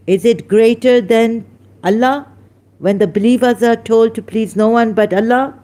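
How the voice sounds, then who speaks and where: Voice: mid-range voice, unhurried, mellow. A speaker hosting a heated religious debate, scolding a caller with emphatic rhetorical questions and sounding angry. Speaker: online debate host.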